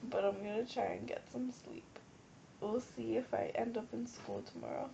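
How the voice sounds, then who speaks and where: A young woman in her late teens with a stuffy nose and a hoarse cold voice, rambling and giggly as she vlogs. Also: fairly high pitch, fairly even intonation, slow pace, pauses often. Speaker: vlogger. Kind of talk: rambling casual vlog. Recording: dull lo-fi webcam audio with faint hiss.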